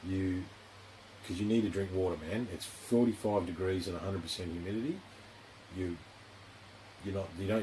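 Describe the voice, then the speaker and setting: The recording is low quality, with slight background noise, capturing an Australian man whose voice sits low and mellow. Hosting a studio podcast, he chats casually with a guest, rambling frankly, cursing a lot, and filling gaps with "you know."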